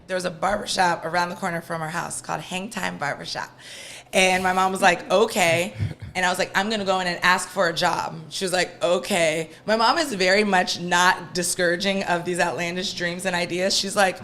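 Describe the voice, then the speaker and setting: A woman guest on a podcast, telling a story from her childhood in a lively way and acting out the voices of the people in it. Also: on the low side, fairly quick. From Washington, D.C. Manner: lively, animated storyteller, acts out quoted voices. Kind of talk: casual storytelling interview.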